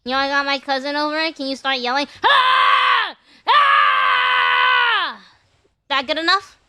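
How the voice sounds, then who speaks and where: A young woman streamer chatting casually to her viewers while gaming, playful and crude and quick to laugh. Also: sits high, steady tone, bright, forceful tone, slight background noise.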